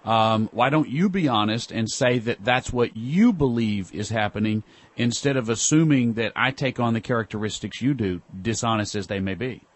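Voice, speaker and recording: A man behind a studio microphone hosts a call-in radio show. His voice sits at an ordinary middle pitch. He lectures and needles a caller with combative sarcasm. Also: normal speed. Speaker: radio talk show host.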